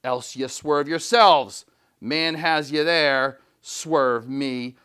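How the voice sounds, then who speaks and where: A man reading aloud as a defiant, obsessed old sea captain in a classroom, slow and declamatory. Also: a little high, a bit bright, smooth. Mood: grandiose. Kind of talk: dramatic read-aloud in class.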